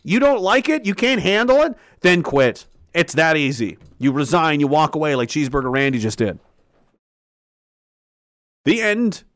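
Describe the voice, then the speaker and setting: A man rants in anger, profane and sarcastic, with a high voice that rises and falls a lot. He breaks into sudden shouts. The sound is dry and close. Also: sing-song, moderate pace, no echo. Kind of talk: angry political rant.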